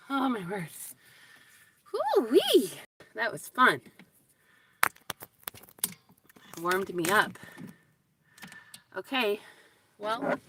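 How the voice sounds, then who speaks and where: A woman vlogging on her phone from a windy lakeshore, chatty and shivering from the cold, breaking into gushing exclamations. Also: medium pitch. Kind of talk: casual live-stream chat. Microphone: phone camera. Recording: loud wind noise on phone mic.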